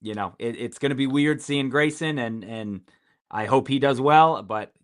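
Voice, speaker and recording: A man's voice: mid-range voice, moderate pace. A man chatting casually as a guest about sports, often repeating words as he restarts his sentences. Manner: stammering restarts, easygoing.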